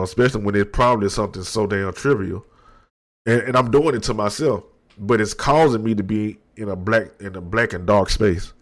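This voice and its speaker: A man in his thirties talking slowly and candidly into the mic at his desk, reflective and low-key, with slang and many restarts. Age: 30s. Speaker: podcast host. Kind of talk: candid personal monologue.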